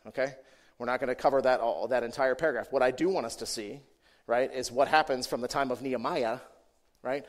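A man's voice: on the high side, long reverb tail. A man preaching a sermon in a church, talking conversationally with constant "right?" and "okay?" check-ins, repeating himself and rising into emphatic bursts. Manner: self-correcting, repeats words; emphatic bursts when stressing a point. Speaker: pastor.

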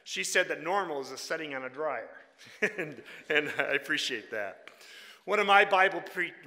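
An older man preaching in a church sanctuary, his voice high-set and very bright as it rings through a long hall echo. He talks in a conversational way with wry humor and drops to a near whisper for quoted lines. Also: lively intonation, moderate pace. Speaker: guest preacher and Bible college teacher. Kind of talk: sermon.

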